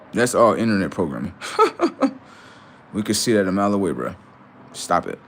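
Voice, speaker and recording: A man hosting a casual livestream, mocking and scolding his chat with teasing, repetitive remarks. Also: fairly low pitch. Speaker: livestream host.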